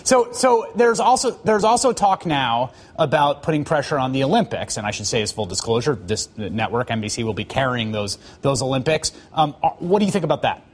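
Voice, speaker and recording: A man's voice: medium pitch, animated, a little fast, few pauses, husky. A man hosting a cable news interview, pressing his guest with questions and restarting his sentences. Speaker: TV news host.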